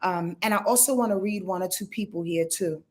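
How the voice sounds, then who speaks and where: A woman's voice: lowish voice, brisk, darkish tone. A woman, hosting a casual astrology livestream in a loose, chatty way and talking straight to her viewers. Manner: loose, chatty, swears, addresses viewers as y'all. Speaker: astrologer hosting a live stream.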